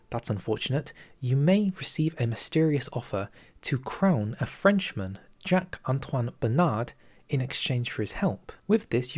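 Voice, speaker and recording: Male gaming creator, mid pitch, excitable preview commentary with chuckles and hushed asides.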